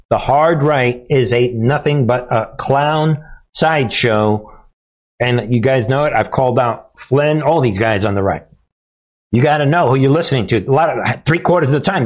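A man hosting a live political commentary show, mocking and combative, often laughing at the clips he plays. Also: medium pitch.

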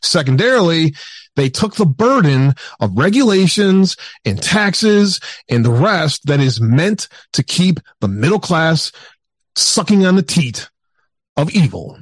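A man's voice: fairly high pitch, very animated, unhurried, slightly rough, no room sound. A man, a regular guest on the show, delivering political commentary in an emphatic, ranting manner.

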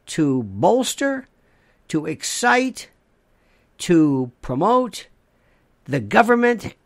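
Slow, gravelly, emphatic commentator. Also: medium pitch. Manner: emphatic, piles up repeated phrases in lists. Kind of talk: monologue commentary.

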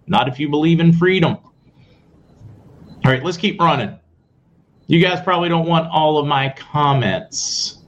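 A man hosting a casual live stream, reading posts aloud fast and adding sarcastic asides to his viewers. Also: a little high, a bit bright. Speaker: host. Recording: muffled audio with faint noise.

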